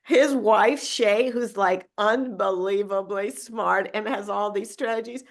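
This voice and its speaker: A woman's voice: medium pitch, a little slow. A woman speaking as a guest in a casual interview, reflective and earnest.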